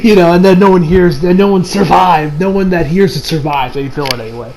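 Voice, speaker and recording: Rambling young man with a high voice. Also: fairly quick, a little mellow, poor audio. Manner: rambling, filler-heavy, laughs often. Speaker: anime reviewer. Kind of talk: casual episode recap.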